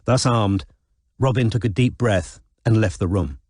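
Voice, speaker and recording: A man reading an audiobook in measured, even scripted narration. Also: fairly low pitch, no echo, clean studio sound.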